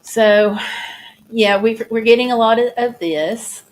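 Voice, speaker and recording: A woman vlogger talking casually, halting and restarting as she describes flood damage. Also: fairly high pitch. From United States. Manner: chatty, halting, many restarts and fillers. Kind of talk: casual chat over photos.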